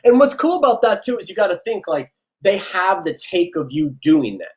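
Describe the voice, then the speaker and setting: A man who works as a casting director, giving relaxed, chatty advice in an interview and acting out little exchanges. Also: high-pitched, moderate pace, breathy edge, rough recording. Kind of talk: casual interview answers.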